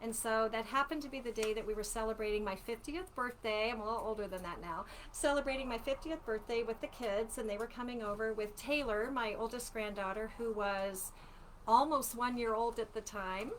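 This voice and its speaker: A woman in her sixties, an author chatting casually with viewers on a home livestream, animated and chatty. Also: on the high side, fairly quick, a little hiss or hum. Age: 60s. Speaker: author hosting a live book launch.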